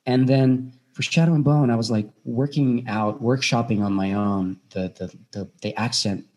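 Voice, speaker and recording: A man talking as an actor guest in a casual podcast chat, animated, with frequent restarts and fillers. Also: mid-range voice, moderate pace. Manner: animated, many restarts and fillers, jumps into quoted voices.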